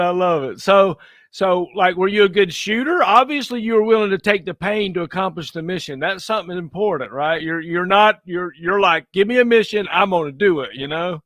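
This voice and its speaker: A man's voice: sits high, moderate pace, a bit bright, no room sound, clean studio sound. A man hosting a live online interview who reacts with enthusiasm, laughs a lot and repeats phrases. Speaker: host.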